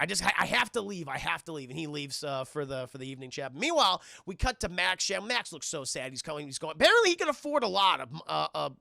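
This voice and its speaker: A man casually recapping a film scene by scene for his live chat, animated and profane, acting out the characters' lines in silly voices. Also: on the high side, gravelly, dry recording, clean studio sound. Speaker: film reviewer streaming to chat.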